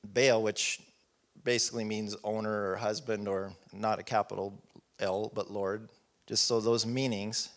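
A man's voice: fairly low pitch, level tone, a little slow. A man preaching a sermon in a casual, conversational way, reading scripture and acting out prayers.

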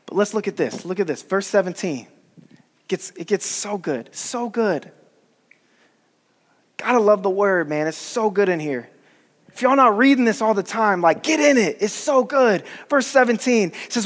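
A man's voice: sits high, expressive, normal speed. A man preaching a sermon in a casual, slangy, earnest way. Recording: long hall reverb.

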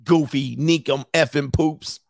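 A man hosting a reaction show, mocking a clip with brash, sing-song commentary and quick impressions. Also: on the high side, steady tone, creaky, dry recording, clean studio sound.

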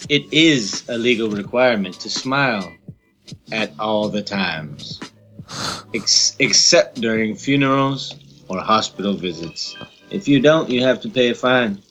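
Podcast guy with a bright sharp voice reading weird laws, faint music in the back. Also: on the low side, lively intonation, a little slow, rough recording. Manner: reads odd laws aloud, dry quips. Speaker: podcast co-host. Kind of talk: casual chat.

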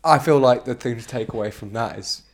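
A woman speaking in a casual podcast chat, telling a story in a halting, wry way. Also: a bass voice.

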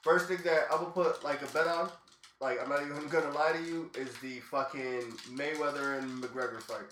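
A man's voice: on the high side, fairly even intonation, brisk, a bit bright, roomy sound, far from the mic, a little hiss or hum. A man hosting a casual chat with friends while they play a video game, talking loosely and swearing, with "like" in nearly every phrase. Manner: loose, profane, fills with "like".

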